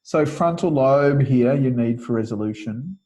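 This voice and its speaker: A man's voice: medium pitch, a little slow, warm tone. A middle-aged man giving an informal webinar lecture, rambling and digressive, with many restarts and chuckles. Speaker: webinar presenter.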